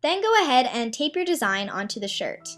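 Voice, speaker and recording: Bright young woman explaining a craft. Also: high-pitched, big pitch swings, brisk. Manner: friendly step-by-step explaining with frequent ums. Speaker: craft tutorial host. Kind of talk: casual DIY tutorial narration. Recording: faint background music.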